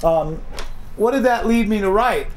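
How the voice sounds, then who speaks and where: Animated high-voiced man teaching a class. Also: a little slow, a little hiss or hum. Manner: animated, acts out his own reactions. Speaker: songwriting teacher. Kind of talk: workshop talk to a class.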